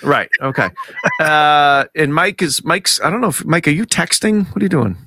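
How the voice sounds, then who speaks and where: Man, high voice, bright and sharp, excitable podcast host, swears freely. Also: normal speed, no echo. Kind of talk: casual podcast chat. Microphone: home studio mic, remote recording.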